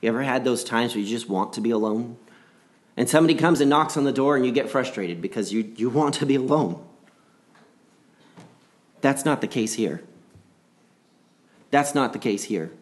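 Male preacher, gospel sermon; earnest, pitch climbs then sinks low for weight. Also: lively intonation, moderate pace, pauses often. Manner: earnest, repeats phrases for emphasis, swings between rising and dropping delivery.

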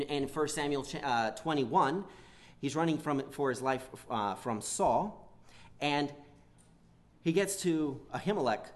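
A man preaching a sermon, often restarting and repeating words as he goes, and acting out the quoted lines in a pleading tone. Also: medium pitch. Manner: halting, repeats words, acts out quoted whining.

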